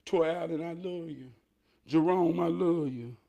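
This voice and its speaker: A man giving an emotional motivational monologue, fervent and preachy, cursing and laughing, swinging between loud outbursts and hushed talk. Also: a little high, unhurried, gravelly. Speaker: motivational speaker.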